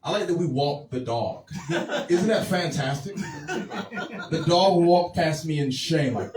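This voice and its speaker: A man's voice: fairly high pitch, expressive, slow pace, roomy sound, recorded from a distance. A man in his thirties doing stand-up, chatting with the crowd in a dry, sardonic way. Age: 30s. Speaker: stand-up comedian. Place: comedy club stage.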